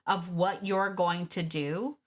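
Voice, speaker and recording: Lively woman podcast host, lowish voice. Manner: animated, repeats key phrases, acts out quick quoted thoughts; direct and encouraging, addresses listener as you. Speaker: dog trainer and podcast host. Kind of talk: solo podcast coaching talk.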